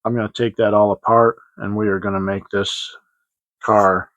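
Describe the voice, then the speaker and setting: Low-voiced man rambling through a haul vlog. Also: flat delivery, moderate pace, fairly bright tone, no room sound. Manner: rambling and hesitant, full of restarts and fillers. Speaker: hobby model-kit channel host. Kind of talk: casual show-and-tell vlog. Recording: dry, slightly dull lo-fi sound.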